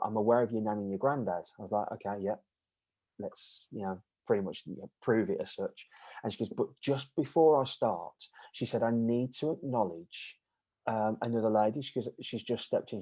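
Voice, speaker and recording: A man's voice: lowish voice, darkish tone, poor audio. A man with an easygoing, rambling way of talking, telling a personal story as an interview guest, with plenty of fillers and restarts. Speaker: guest medium.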